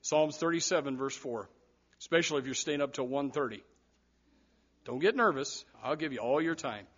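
High-voiced animated man preaching. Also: moderate pace, highs cut off. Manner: animated preaching with repeated words and sudden loud rises. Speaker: pastor. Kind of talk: sermon. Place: church.

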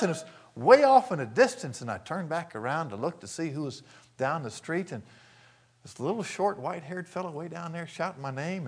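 Preacher man swinging from hush to shouts. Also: on the high side, breathy edge. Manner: swings from hushed asides to shouted praise. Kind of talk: sermon storytelling.

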